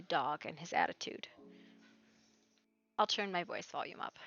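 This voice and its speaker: A woman streaming live, chatting casually with viewers, excitable and laughing, going loud and soft. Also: on the low side, moderate pace, creaky, pauses often, highs cut off, faint music behind.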